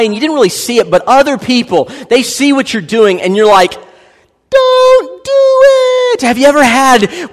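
A man in his thirties preaching a sermon as a pastor, animated and joking as he tells a family story. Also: high voice. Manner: animated, joking, acts out voices in anecdotes. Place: church hall. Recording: long hall reverb.

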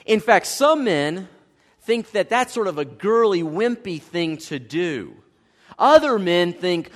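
A lively male pastor preaching with a high, swinging voice that rises and falls dramatically. He slips into quick acted voices to play his listeners. The sound carries a long hall reverb. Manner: animated preaching, acts out quoted voices. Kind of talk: sermon. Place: church sanctuary.

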